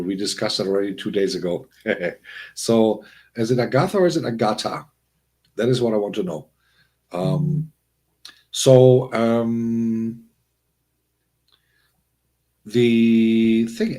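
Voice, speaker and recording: A man hosts a casual livestream and talks straight to his chat. He rambles, restarts his sentences and breaks into chuckles. His voice sits at a middling pitch and jumps high when something excites him. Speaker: livestream host.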